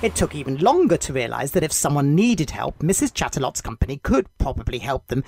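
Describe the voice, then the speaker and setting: A devotional podcast host telling a story for children in a gentle, clear way. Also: mid-range voice.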